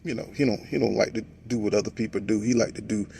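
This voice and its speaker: A man talking casually about boxing, telling the story with lively delivery and mocking voices for the people he quotes. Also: fairly low pitch, quick pace, gravelly, husky. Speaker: boxing commentator.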